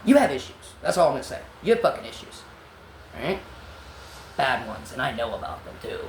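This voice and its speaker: A woman telling an angry personal story in a blunt, profane vlog monologue that sometimes drops to a low whisper. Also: very animated, a little fast. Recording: echoey room with faint background hum.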